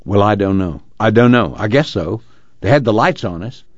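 A man's voice: fairly low pitch, expressive, normal speed, no room sound, lightly acted. A man voicing a battered, weary young farmhand. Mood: shaken. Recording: muffled, dry.

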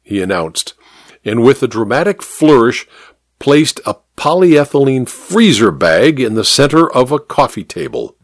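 A man narrating a story in a wry, expressive reading style. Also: medium pitch, unhurried, dry recording.

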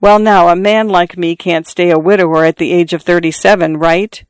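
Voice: medium pitch, steady tone, moderate pace, clear, resonant tone, no room sound, close to an everyday voice. A narrator voicing a wounded middle-aged father who confides to his son in an insistent, repetitive way, short of breath. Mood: confiding. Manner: confiding, insistent, repeating himself. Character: dying middle-aged farmer father, earnest.

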